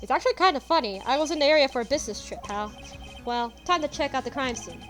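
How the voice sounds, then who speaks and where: Loud buddy-buddy guy cop, read by a woman, fast, game music on. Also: high voice, lively intonation. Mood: chummy.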